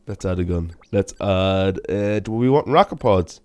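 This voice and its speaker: Man, low voice, game commentary. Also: a little slow, smooth. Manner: casual, self-mocking, bursts of loud excitement. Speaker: gaming channel host.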